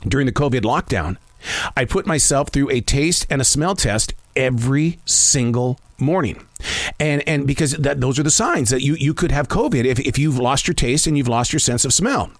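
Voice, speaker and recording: Recorded dry, a man in his fifties speaks at a moderate pace with medium pitch and lively intonation. It's his own podcast, a casual one-man monologue, and his talk meanders and turns inward, full of stammered restarts.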